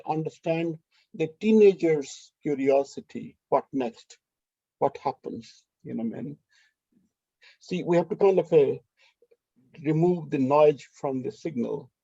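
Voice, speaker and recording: A man's voice: a little high, creaky, warm tone, husky, no echo, dull audio. A man organizing a festival rehearsal, talking casually and rambling, often asking "you know what I mean", over a video call.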